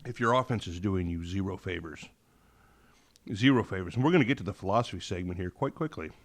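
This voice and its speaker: A man's voice: sits low, lively intonation, fast. A man co-hosting a casual sports chat, rambling and correcting himself as he breaks down games, while fighting the hiccups. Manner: thoughtful, rambling, self-correcting. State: has the hiccups. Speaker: podcast co-host.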